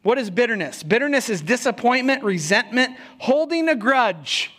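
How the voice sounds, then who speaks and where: High voiced guy preaching, lively, lots of "right?" and mock quotes. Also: moderate pace. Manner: animated preaching with rhetorical questions and mock quotes. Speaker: pastor. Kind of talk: sermon.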